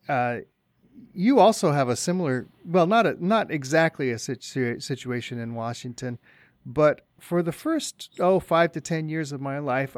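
A man co-hosting a podcast, chatting casually in a halting way with many uhs and restarts. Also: mid-range voice, dry recording. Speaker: podcast co-host. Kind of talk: casual chat.

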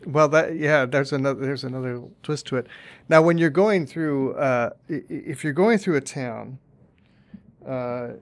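Male podcast host, middle pitch, halting delivery, tells jokes. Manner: hesitant, many restarts, tells jokes. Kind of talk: casual chat and joke telling.

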